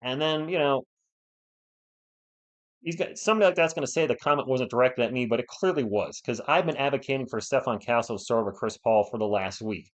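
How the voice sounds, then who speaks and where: A man from New England hosting a live sports stream, giving play-by-play and answering viewers in an excitable, fired-up way. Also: medium pitch, a little fast. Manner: excitable, fired-up, talks straight to chat viewers. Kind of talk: live play-by-play commentary and chat replies.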